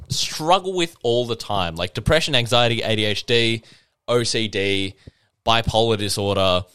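A man's voice: mid-range voice, sharp tone, dry recording. A man hosting a casual solo podcast, ranting with swearing and mocking impressions, a bit tipsy. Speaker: podcast host.

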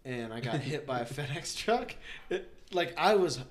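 A young man with a fairly high voice hosts a casual podcast chat at a moderate pace. He's an animated storyteller who laughs a lot and acts out voices as he goes.

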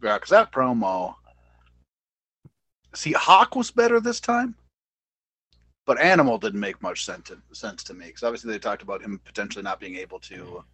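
A man co-hosting a casual podcast chat, animated and playful. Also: lowish voice, fast talker, hardly any pauses, breathy edge, no echo. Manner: animated, mocking impressions in bursts. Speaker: podcast co-host. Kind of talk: casual wrestling review chat.

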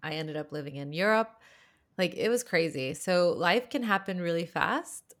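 Low-voiced, supportive American woman host. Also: expressive, moderate pace, a bit bright. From United States. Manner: supportive, affirming, laughs often. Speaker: podcast host. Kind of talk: casual conversation.

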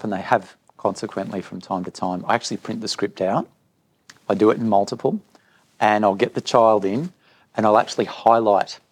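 A man, a school director of middle years, talking candidly at a live parent evening and telling stories with quoted dialogue. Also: fairly low pitch. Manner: candid storytelling, animated when quoting others. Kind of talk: speaking at a live parent info night.

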